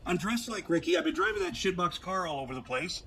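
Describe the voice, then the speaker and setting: A man's voice: high-pitched, animated, fast talker, a bit bright, slight background noise. An actor playing an awkward, gushing married man posing as a trailer park guy in a TV comedy. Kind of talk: TV comedy acting.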